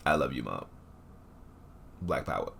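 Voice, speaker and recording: A young man hosting a casual reaction video, animated and laughing, repeating his words as he comments. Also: very deep voice, measured pace, vocal fry, a little hiss or hum. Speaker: host.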